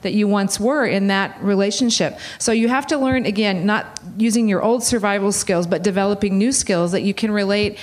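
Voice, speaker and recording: A woman's voice: mid-range voice, normal speed, hardly any pauses. A woman with a mid-range voice speaking as a talk show guest. She reflects earnestly on how people can grow in marriage. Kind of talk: advice-giving talk.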